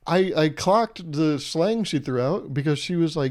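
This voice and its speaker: Talking at a normal speed with few pauses, this podcast host in his twenties has a slightly high, somewhat mellow voice. He rambles casually on his own, tossing in asides and jokes at his own expense.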